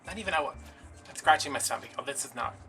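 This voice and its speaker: A man chatting in a home craft vlog, rambling and theatrically self-mocking. His voice is bright and forward, picked up by a mic set a little away from him. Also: mid-range voice, animated, quick pace, far from the mic, faint music behind. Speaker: craft vlogger.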